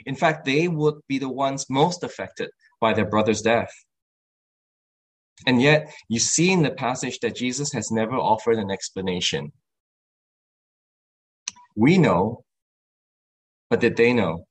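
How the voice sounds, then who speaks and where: A man's voice: husky, low-quality recording. A man preaching a sermon in an earnest voice, stopping to restart his phrases and acting out the quoted lines with a lifted voice. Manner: earnest, acts out quoted lines with rising pitch; halting with restarts and fillers.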